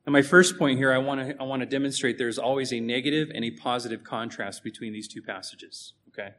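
A male preacher delivering a sermon with an emphatic, conversational push, often turning to the congregation with rhetorical questions. His voice sits at an everyday middle pitch, and a faint ambient hiss lies behind him. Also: fairly even intonation, quick pace, a bit bright.

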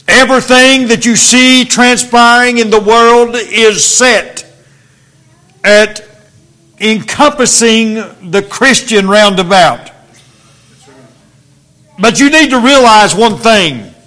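A man preaching in a church, reading scripture aloud slowly and then speaking earnestly to the congregation. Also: extremely high pitch, sharp tone. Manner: slow, deliberate King James reading, then earnest preaching.

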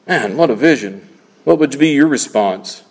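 A man preaching a sermon, swinging between loud emphatic lines and hushed asides. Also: mid-range voice, lively intonation, moderate pace, in a large hall.

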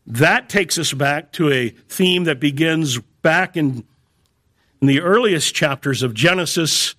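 A man preaching a sermon in a measured way, slowing down and lifting his voice to stress key phrases. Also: a little high, pushed and bright.

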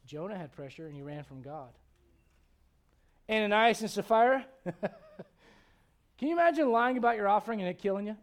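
A middle-aged male pastor preaches with a high-pitched voice, joking and asking question after question. He swings from quiet, low musings to loud, rising points. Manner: humorous, many rhetorical questions. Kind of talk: sermon.

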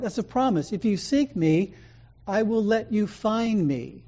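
Male pastor with a mellow voice, telling stories from the pulpit, muffled lo-fi capture. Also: high voice, expressive, moderate pace. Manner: conversational storytelling preaching. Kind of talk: sermon.

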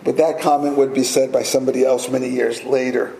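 A man's voice: mid-range voice, little pitch movement, fairly quick, creaky, mellow, a little hiss or hum. A man preaching a sermon as pastor, emphatic and fond of rhetorical questions. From United States. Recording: roomy echo, faint ambience.

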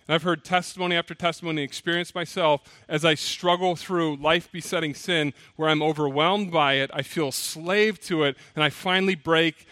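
A male pastor preaching a sermon, telling stories with lively acted-out quotes. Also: a little high, moderate pace, hardly any pauses, no room sound. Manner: animated storytelling, acts out quoted voices. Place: church.

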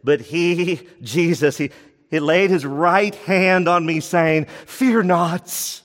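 A man preaching a sermon as pastor, fervent, with big swings between raised and hushed passages. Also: on the high side, takes it slowly, long reverb tail.

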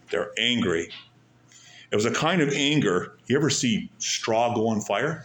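A man preaching a sermon, asking rhetorical questions and stressing points with pauses and sudden drops in volume. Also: mid-range voice, expressive, a bit bright. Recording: echoey room.

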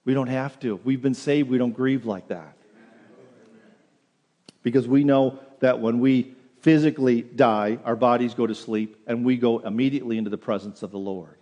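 A man's voice: medium pitch, steady tone, moderate pace, mellow, highs cut off. A male pastor preaching a sermon in earnest, often repeating words as he restarts a phrase, in a church sanctuary. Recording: long hall reverb.

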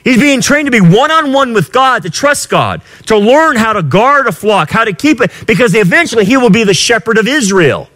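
A middle-aged male pastor preaching a sermon with passion, swinging from quiet lines to shouted ones. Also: extremely high pitch, very animated, moderate pace, hardly any pauses.

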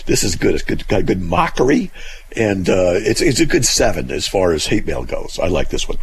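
A man's voice: lowish voice, normal speed, vocal fry, slight background noise, poor audio. A man hosting a call-in radio show, reading hate mail aloud and answering it bluntly. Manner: blunt, animated, laughs at what he reads.

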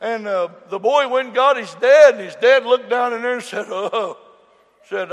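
Old preacher man, raspy and high, hollers then goes quiet, big echoey hall. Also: moderate pace. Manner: shouting and dropping to a murmur, storytelling. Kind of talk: folksy sermon. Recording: long hall reverb.

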